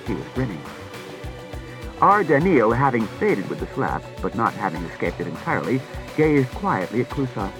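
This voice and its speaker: A man's voice: mid-range voice, very animated, normal speed, music in the background, low-quality recording. A man giving scripted audiobook narration, reading expressively.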